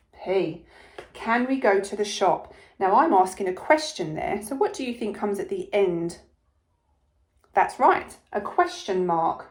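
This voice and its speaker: A woman teaching a phonics lesson to young children, sounding out letters slowly and clearly with plenty of encouragement, in an English accent. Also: medium pitch. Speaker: primary school teacher.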